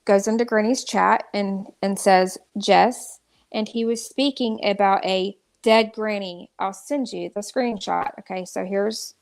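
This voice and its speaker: A woman's voice: medium pitch, steady tone, a little slow, creaky. A woman ranting through live commentary, exasperated and restarting often. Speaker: drama commentary streamer.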